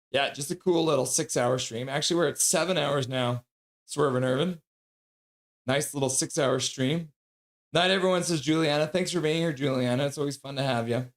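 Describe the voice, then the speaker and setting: A man's voice: fairly high pitch, normal speed. Chatty man hosting a live stream. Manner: chatty, reads chat and donations aloud. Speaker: streamer host. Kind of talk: casual stream sign-off, reading chat.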